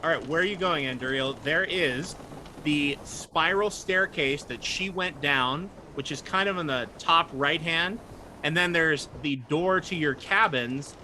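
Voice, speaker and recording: A man's voice: a little high, unhurried, sharp tone, slight background noise. A man narrating a tabletop game as game master, chatty and joking, describing the scene and what the characters do. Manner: chatty, joking, voices sailors briefly.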